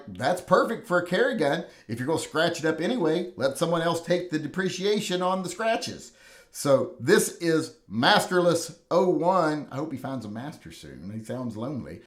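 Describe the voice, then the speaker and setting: A middle-aged man hosting a gun channel, giving humorous voice-over commentary on viewers' carry guns with dry, teasing sarcasm. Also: a little high.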